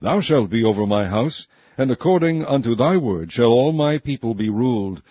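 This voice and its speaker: Husky man reading scripture solemnly. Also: mid-range voice, expressive, moderate pace, no room sound. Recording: dull, muffled sound.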